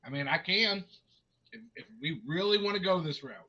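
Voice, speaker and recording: Bright-voiced easygoing man player. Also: a little high, lively intonation, moderate pace, muffled recording. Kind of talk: casual tabletop game chat.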